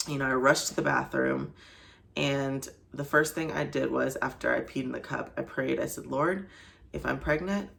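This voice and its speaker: A woman's voice: extremely low pitch, vocal fry, fairly bright tone. A young woman vlogger telling a personal story to camera in a casual, chatty way, full of "like" and "you know". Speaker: faith vlogger.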